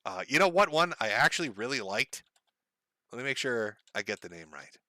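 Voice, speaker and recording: A middle-aged man streams live in a casual, profane, wry way, reading donations and chuckling at his own jokes. His mid-range delivery is sing-song and brisk, pushed and bright. Studio-quality audio with no echo.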